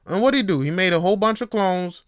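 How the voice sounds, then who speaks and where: A man hosts a podcast and rambles through a loose, profane rant. His voice is smooth and clear, at a middling pitch. The sound is close and dry, with no room echo. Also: expressive, quick pace. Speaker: podcast host. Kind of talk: casual podcast monologue.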